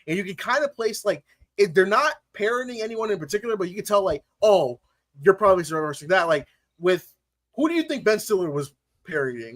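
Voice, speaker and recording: A man's voice: high-pitched, fairly bright tone. A man hosting a casual film review chat, rambling and opinionated with many fillers. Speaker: podcast host. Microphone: remote call mic.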